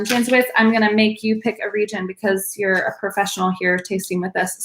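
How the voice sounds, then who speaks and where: A woman's voice: mid-range voice, fairly bright tone, echoey room, slight background noise. A woman leading a live online wine tasting class as instructor, upbeat and coaching, with frequent ums. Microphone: video call.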